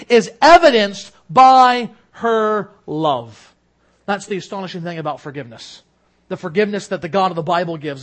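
A middle-aged male pastor preaching a sermon in church, earnest, rising loud on key points and dropping low and quiet at others.

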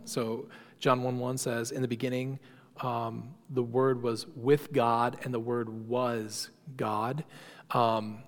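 Man teaching a church class, hall reverb. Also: mid-range voice. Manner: conversational, frequent fillers and restarts. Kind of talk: informal lecture to a class.

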